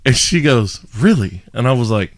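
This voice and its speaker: A man's voice: medium pitch, expressive, normal speed. A young man, a podcast host, telling a story animatedly with frequent laughter and self-mocking asides. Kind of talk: casual storytelling.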